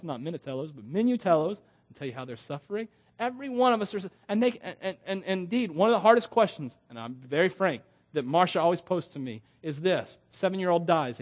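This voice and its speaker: Middle-aged male preacher, higher register, animated conversational sermon delivery.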